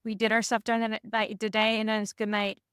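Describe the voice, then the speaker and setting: Higher-voiced woman podcast host. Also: completely flat delivery, fairly quick, fairly bright tone, smooth, dry recording, studio quality. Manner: rambling, with many restarts. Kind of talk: casual conversation.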